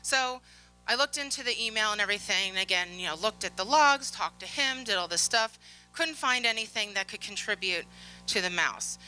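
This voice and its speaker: A woman giving a conference keynote, telling work stories in a lively way, acting out the dialogue and laughing often. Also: medium pitch, normal speed, smooth, soft background music, low-quality recording. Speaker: conference speaker on security. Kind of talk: keynote storytelling. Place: conference stage.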